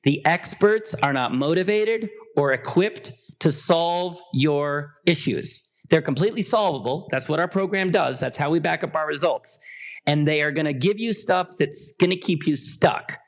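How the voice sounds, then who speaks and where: A man's voice: a little high, moderate pace. A man speaking as a podcast guest, emphatic and insistent, his voice jumping up sharply on key points. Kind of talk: passionate interview talk.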